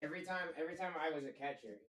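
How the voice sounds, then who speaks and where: A man's voice: on the high side, animated, racing, fairly bright tone. Man, co-host, laid-back casual chat, echoey room. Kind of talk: casual chat on a live stream.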